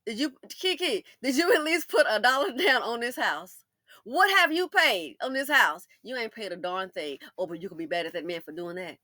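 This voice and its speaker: A woman talks straight to her viewers in a casual commentary, animated and sassy. Her voice sits high and bright, and the close, dry recording carries almost no room sound. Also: normal speed, dry recording. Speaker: commentary channel host.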